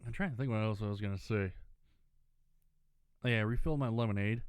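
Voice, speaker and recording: A man rambling through casual gameplay commentary, clearing his throat often, his dry throat pulling his voice lower than usual. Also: fast, no echo. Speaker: gaming channel host.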